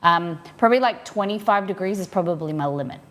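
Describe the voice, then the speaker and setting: A chatty Australian woman with a slightly low voice talks casually to her viewers from her desk at home. She rambles and reads their messages aloud as she goes. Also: animated, fairly quick, fairly bright tone. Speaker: livestreamer.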